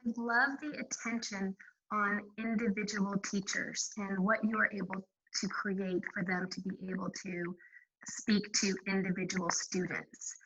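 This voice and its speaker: A woman's voice: mid-range voice, level tone, measured pace, a bit bright, dull audio, slight background noise. A woman moderating an online panel discussion, asking appreciative questions.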